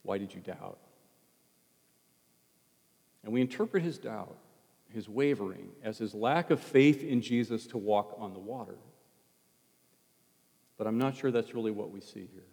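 A man preaching a sermon as a pastor, in a conversational tone that drops to a hush on quoted words. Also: on the low side, a little slow, gravelly, pauses often. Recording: long hall reverb.

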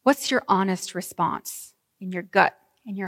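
A woman pastor preaching a sermon, telling the story vividly with dramatic pauses. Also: medium pitch, slightly rough. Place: church sanctuary. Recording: reverberant church hall.

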